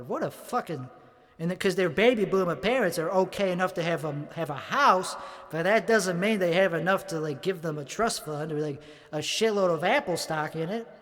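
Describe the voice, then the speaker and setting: Man, high voice, put-on accent, profane, rambling, self-critical, solo comedy monologue, home studio. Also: fairly bright tone, in a large hall. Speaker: comedian working out bits.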